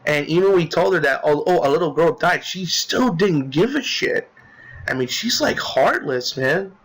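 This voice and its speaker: Young male gamer commentator, a bit high-pitched, loose and rambling, worked up about a villain. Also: lively intonation, normal speed, fairly bright tone, rough recording. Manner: rambling, many fillers and restarts; indignant about a character. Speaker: let's play commentator. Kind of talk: casual game commentary.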